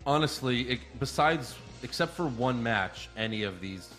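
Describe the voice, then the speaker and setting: Male co-host, casual recap chat, blunt delivery, crisp bright voice. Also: medium pitch, expressive, faint music behind. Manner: blunt, profane, recaps with quick jokes. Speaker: podcast co-host.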